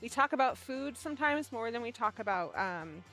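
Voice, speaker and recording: An animated woman from the Pacific Northwest chats on a livestream for her small yarn shop, her voice a touch high and lively. She stumbles over restarts, laughs easily and swears without a second thought, while soft music plays faintly underneath. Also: normal speed. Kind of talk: casual livestream chat with a staged phone-call skit.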